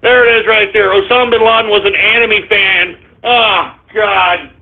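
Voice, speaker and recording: A high-pitched man hosting a live internet radio show, snapping sarcastic insults at his listeners between shout-outs. His voice comes through thin and tinny, as if over a phone line. He sounds abrasive and easily irritated. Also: steady tone, moderate pace. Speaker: talk radio host.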